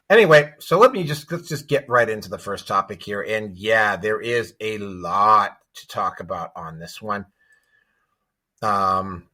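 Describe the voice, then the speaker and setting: A man's voice: on the low side, pushed and bright. A man hosting a podcast, chatting loosely through a list of topics with plenty of fillers and restarts. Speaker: show host.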